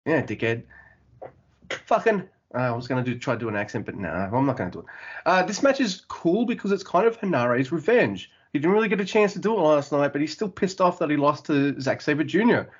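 A man's voice: on the high side, very animated, brisk, slightly rough, lo-fi sound. A man co-hosting a podcast in casual, joking chat, swearing and laughing often. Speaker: podcast co-host.

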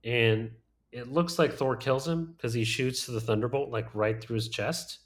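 A man's voice: mid-range voice, unhurried. Rambling man chatting about movies. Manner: rambling, full of "like" and "um", laughs often. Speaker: podcast co-host. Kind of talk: casual chat reviewing movies.

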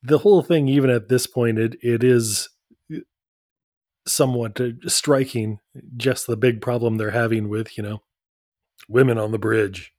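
A man's voice: mid-range voice, fairly even intonation, normal speed, darkish tone, no room sound, studio quality. A man co-hosting a podcast in casual chat, wry and musing, often restarting his sentences. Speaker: podcast co-host. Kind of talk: casual episode recap chat.

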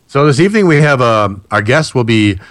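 A man's voice: mid-range voice, big pitch swings, fairly quick, fairly bright tone. A man hosting a casual radio talk show, playful and teasing, cracking jokes with his co-host.

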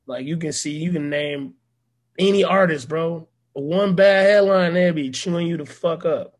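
Husky, laid-back, slangy young man. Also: fairly high pitch, a little slow. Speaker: musician and actor guest. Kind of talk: casual interview talk.

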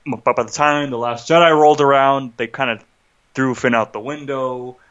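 A man's voice: medium pitch, steady tone, moderate pace, fairly bright tone, clear, resonant tone, lo-fi sound. A man co-hosting a podcast, ranting in an agitated casual way, often stopping to restart and asking "right?". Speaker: podcast co-host. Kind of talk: casual film rant.

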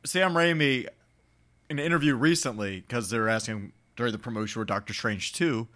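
A man's voice: medium pitch, a little fast, fairly bright tone. A man chatting casually about a movie in a laid-back, joking way, laughing often. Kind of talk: casual movie recap chat.

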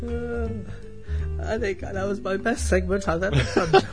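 A man's voice: high voice, big pitch swings, a little slow, vocal fry, soft background music. An Australian man co-hosting a casual podcast, playfully ribbing his friend and giggling often. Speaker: podcast co-host.

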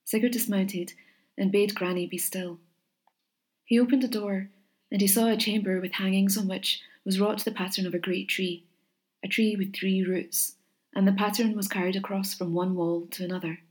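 Female storybook narrator, measured and gentle, mid-pitched voice. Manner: measured, gentle reading with expressive pauses.

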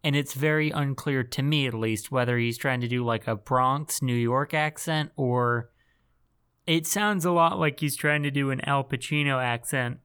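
A man co-hosting a casual podcast about movies, talking haltingly and often stopping to search for words. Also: medium pitch, fairly bright tone, smooth. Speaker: podcast co-host. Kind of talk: casual movie-talk chat.

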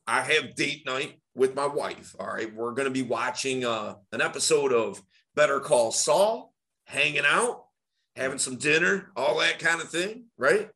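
An energetic man in a casual podcast chat, talking with a practiced, emphatic public-speaking tone. His pitch leaps and dips all the time, and his voice sounds bright. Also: unhurried. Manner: energetic, emphatic delivery with big swings in pitch; animated public-speaking tonality. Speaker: dating coach.

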